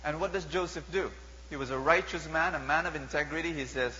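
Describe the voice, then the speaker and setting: A man with a Filipino accent preaching a sermon, animated and mixing languages, asking the crowd rhetorical questions. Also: a little high, brisk. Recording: dull lo-fi sound with long hall reverb and faint hum.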